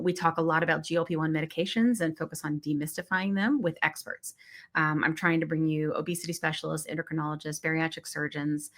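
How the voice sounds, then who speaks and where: A woman's voice: on the low side, fairly bright tone. A woman hosting a podcast, talking in an upbeat, chatty way with frequent ums. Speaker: podcast host. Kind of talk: casual podcast chat.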